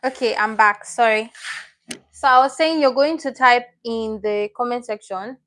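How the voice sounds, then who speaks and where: In a live-stream class, a woman with a slightly high, fairly bright voice talks at a moderate pace. She chats casually, repeating words and correcting slips as she goes, and reads out the names and comments of viewers.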